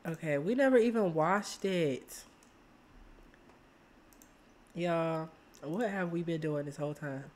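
A woman, chatting excitedly to viewers while playing a life-sim game. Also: deep voice, moderate pace. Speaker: gaming streamer. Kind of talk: casual let's-play commentary.

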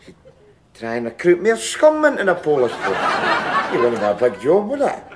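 A man's voice: a little high, huge pitch swings, moderate pace, very noisy. A ranting, sardonic Glasgow man. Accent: Glaswegian. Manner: rambling, sardonic, stammering restarts. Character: scruffy middle-aged Glasgow man, sardonic, ranting, jailed. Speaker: sitcom lead. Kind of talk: sitcom monologue.

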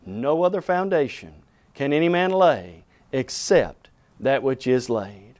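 A man's voice: mid-range voice, very animated, measured pace, a little mellow. A man preaching a televised sermon, emphatic, quoting scripture and asking rhetorical questions.

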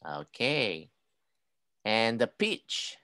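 Very low-voiced, slow phonics teacher. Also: female voice, very animated, pushed and bright, dry recording, clean studio sound. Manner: slow, clear word-by-word modelling with praise. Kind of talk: online phonics class for a young child.

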